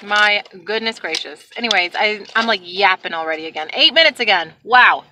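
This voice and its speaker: A woman vlogger telling a story to the camera from her car, animated and exasperated as she acts out the people she talks about. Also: medium pitch, brisk, slight background noise. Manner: animated, exasperated retelling with acted-out quotes.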